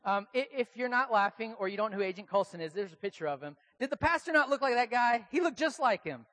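A man's voice: very high-pitched, expressive, fast, fairly bright tone. Casual, conversational American pastor man. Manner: casual, conversational, self-deprecating. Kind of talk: sermon.

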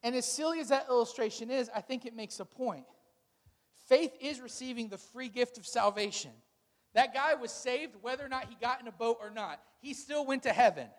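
Male pastor, very high voice, relaxed conversational sermon with call-and-response, long hall reverb. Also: moderate pace. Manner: casual, conversational preaching with congregation call-and-response.

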